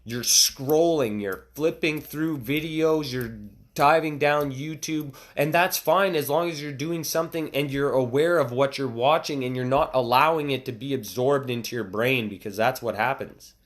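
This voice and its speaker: A man in his thirties giving a casual motivational talk, with excited, emphatic exclamations. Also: mid-range voice, normal speed. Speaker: motivational speaker.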